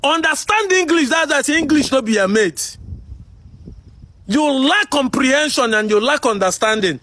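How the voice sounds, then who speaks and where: A man with a Nigerian accent delivering a heated commentary monologue, combative and full of rhetorical questions, shouting at times. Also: extremely high pitch, animated, normal speed. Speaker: commentary video host.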